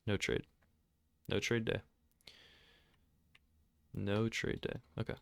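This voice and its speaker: Guy talking over his trading charts, hyped and sarcastic, smooth lowish voice, dry close mic. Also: takes it slowly, no echo. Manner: excitable, sarcastic and self-mocking. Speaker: trading video host. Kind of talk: casual screen-recorded commentary.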